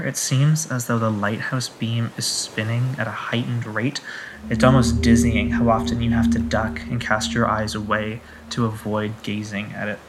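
A man narrating a tabletop game as game master, in measured, descriptive narration. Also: fairly low pitch, fairly bright tone, a little hiss or hum, poor audio.

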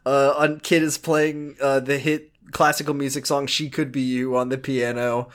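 A young man co-hosting a casual podcast, trading quick wisecracks and comic bits while recapping a show. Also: mid-range voice, flat delivery, fairly bright tone. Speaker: podcast co-host.

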